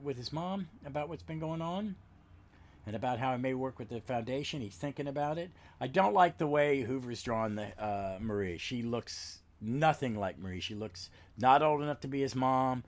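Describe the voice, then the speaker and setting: A man hosting a podcast, retelling a comic book plot in a rambling, halting way with many restarts. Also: mid-range voice, lively intonation. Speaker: podcast host. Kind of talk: casual comic book recap.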